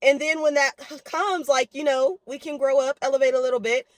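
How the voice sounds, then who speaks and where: A woman's voice: sits high, fairly even intonation, brisk, dry recording, poor audio. A young woman vlogger talking candidly to her viewers in a chatty, casual way. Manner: chatty, candid, addresses viewers as y'all and baby. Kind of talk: casual talk to camera.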